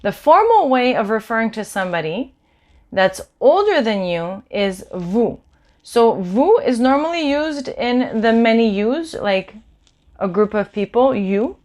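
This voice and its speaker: A woman teaching a beginner French lesson in a patient, explanatory way, repeating words slowly for learners. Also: on the high side, sing-song, a little mellow. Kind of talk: online language lesson. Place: Los Angeles.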